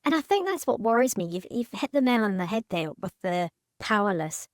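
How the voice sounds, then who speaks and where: Woman, hesitant, halting, restarts often, counselling session, dry close mic. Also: medium pitch, big pitch swings, no echo. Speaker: mother seeking counselling. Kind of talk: emotional counselling conversation.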